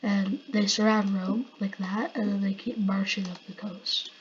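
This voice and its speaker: A woman's voice: medium pitch, steady tone, unhurried, highs cut off, slight background noise. A woman casually narrating an imagined war over a map, rambling and loose, with fillers.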